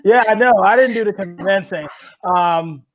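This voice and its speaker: A man from Chicago's West Side, a guest on a podcast, telling a personal story with lively energy and acted-out quotes. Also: sits high, moderate pace, highs cut off. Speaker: guest, rower and author.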